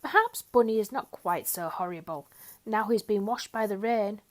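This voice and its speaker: A woman voicing a brisk but kindly mother in a read-aloud storybook, with a motherly manner. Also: medium pitch, close to an everyday voice.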